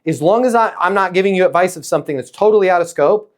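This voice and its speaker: A man coaching a salesperson with emphatic, energetic talk, acting out little dialogues as he goes. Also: high-pitched, fast. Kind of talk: coaching a caller in a sales session.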